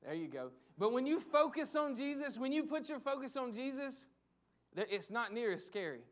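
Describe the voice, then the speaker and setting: A man's voice: very high-pitched, sing-song, normal speed. A man preaching a conversational sermon, repeating phrases for emphasis. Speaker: pastor.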